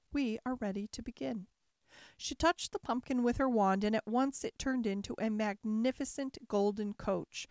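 Lady reading a storybook tale, expressive, mid voice, dry no room. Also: mid-range voice, clean tone, no room sound.

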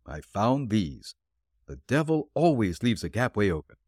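A man reading the part of a calm, shrewd male detective who explains his clues dryly. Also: fairly low pitch, no echo. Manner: dry, explanatory, deliberate.

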